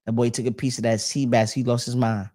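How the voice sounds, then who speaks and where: A man's voice: medium pitch, flat delivery, a little fast, mellow. Man, podcast host, casual chat, slangy, laid-back, frequent restarts. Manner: loose slangy talk with many restarts and fillers.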